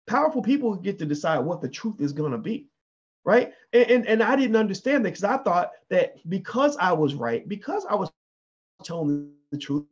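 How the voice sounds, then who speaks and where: A man's voice: sits high, very animated, normal speed, lo-fi sound. A man giving an emphatic opinion monologue, often asking 'right?' and restarting his sentences. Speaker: commentator.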